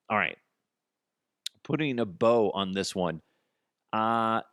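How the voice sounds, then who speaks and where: A man hosts a solo comedy podcast, ranting with lots of profanity. His pitch swings widely as he riffs, and the sound is dry and close, with no room around it. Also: takes it slowly, long pauses, smooth, dry recording. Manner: animated, profane, acts out both sides of a dialogue. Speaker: podcast host.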